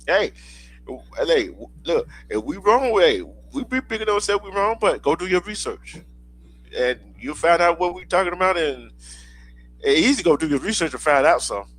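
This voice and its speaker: A man's voice: a little high, big pitch swings, moderate pace, fairly bright tone, low-quality recording. Preachy man hosting a livestream. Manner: preachy, repeats himself for emphasis. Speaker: show host. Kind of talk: casual livestream chat.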